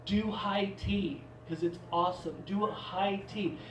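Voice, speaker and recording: A man's voice: sits high, fairly even intonation, measured pace, a little hiss or hum. A man from Portland doing a stand-up comedy set, rambling and self-mocking with many restarts. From Portland, Oregon. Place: theater stage. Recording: live theater mic, roomy, from a distance.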